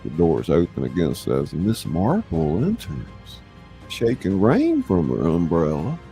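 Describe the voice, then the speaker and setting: Gravelly low-voiced male host. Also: wildly swooping pitch, unhurried, dark tone, soft background music. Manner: rambling, with many fillers. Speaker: host and narrator. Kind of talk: casual chat and script narration.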